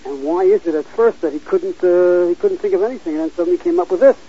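A man teaching a Torah class, halting often with fillers and restarts as he reads verses aloud and explains them. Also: high-pitched, slightly rough. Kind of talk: Bible class lecture. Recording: dull lo-fi recording.

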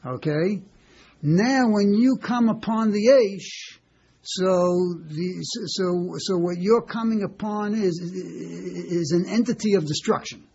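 Halting man lecturing on a muffled recording. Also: sits high, creaky, darkish tone. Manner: halting, repeats words, checks in with "okay?". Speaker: Talmud teacher. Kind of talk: Talmud class lecture. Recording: dull lo-fi recording with faint hiss.

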